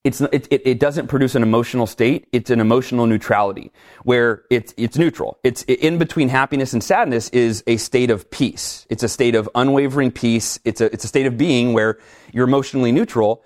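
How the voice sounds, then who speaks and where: A middle-aged man talking in an interview, energetic and animated, acting out his own reactions as he tells stories. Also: mid-range voice, fairly quick. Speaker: guest speaker. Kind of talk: conversational interview, storytelling.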